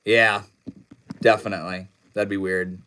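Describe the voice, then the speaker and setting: A young man hosting a casual livestream, reading chat messages aloud and answering in a laid-back, slangy way that trails off into low mumbles. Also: flat delivery, unhurried, pushed and bright, rough recording. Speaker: livestream host.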